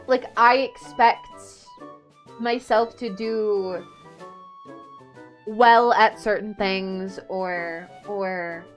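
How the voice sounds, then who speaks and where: A woman streamer talks casually while she plays, often hesitating and trailing off. Her voice sits fairly high. Faint music runs in the background. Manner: hesitant, trailing off, self-reflective. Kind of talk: casual livestream chat while playing a game.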